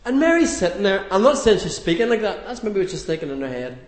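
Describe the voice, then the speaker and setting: A man's voice: sits high, sing-song, quick pace, reverberant. A man giving a sermon in a chatty, homely storytelling manner with light humour. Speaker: preacher.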